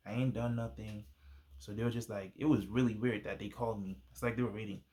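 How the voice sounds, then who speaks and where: A man's voice: on the low side, fairly even intonation, quick pace, mellow. A young man casually telling a personal testimony, using laid-back slang and plenty of fillers. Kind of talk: casual storytelling.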